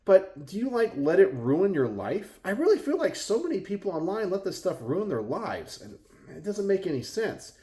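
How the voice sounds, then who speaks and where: A middle-aged man with a Texan accent talks to his viewers in a loose, rambling monologue from his garage. He sounds exasperated and keeps firing rhetorical questions. His speaking voice sits somewhat high for a man. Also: very animated, normal speed, warm tone. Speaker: gun channel host. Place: home garage.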